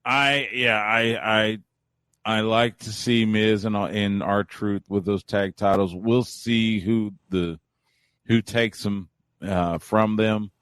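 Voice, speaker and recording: A low-voiced man calling in as a radio guest, talking loosely in a casual chat. He rambles and restarts his thoughts, and his voice sounds dry and close. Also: takes it slowly, smooth, no room sound. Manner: relaxed, rambling, frequent restarts. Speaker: wrestling talk show guest. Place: Central Texas.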